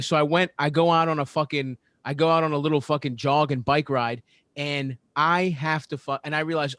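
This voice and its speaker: Man, podcast co-host, profane, ranting, animated, slightly high voice, dry close sound. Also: brisk, no room sound. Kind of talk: casual sports podcast storytelling.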